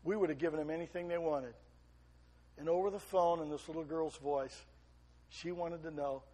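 A middle-aged man preaching a sermon, swinging between emphatic raised peaks and quiet asides. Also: fairly high pitch, fairly even intonation, moderate pace. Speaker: pastor.

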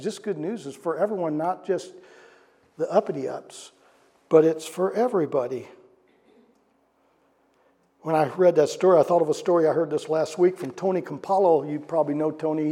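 A man preaching a sermon to a congregation in a church, animated and asking them questions. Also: fairly high pitch. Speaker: pastor. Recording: long hall reverb.

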